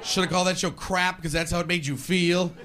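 A male stand-up comedian telling animated, sarcastic stories on a club stage. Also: sits high, brisk. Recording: live club with audience laughter.

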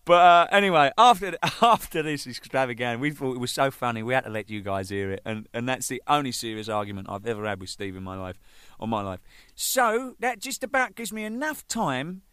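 An English man, a band's drummer, telling casual anecdotes in an animated way, swearing freely and joking at himself. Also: medium pitch, fairly quick, clean tone, no room sound. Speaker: band drummer telling stories.

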